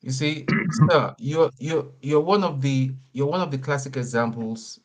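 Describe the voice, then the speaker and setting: A man's voice: mid-range voice, unhurried. A man from Nigeria, calling in to an online debate, talking angrily with lots of stammered repeats. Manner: angry, repetitive, stammering. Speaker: caller. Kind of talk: heated debate.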